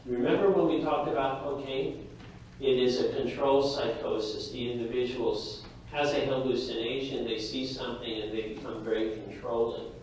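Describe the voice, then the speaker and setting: A male lecturer giving a lively, jokey classroom lecture and talking straight to his students. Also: mid-range voice, moderate pace, a little hiss or hum. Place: lecture hall. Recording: echoey hall from far off.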